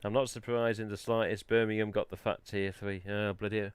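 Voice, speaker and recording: A man's voice: on the low side, little pitch movement, brisk, hardly any pauses, clear, resonant tone, no room sound. A man hosting a casual live stream, chatting in a rambling way and answering the chat. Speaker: livestream host.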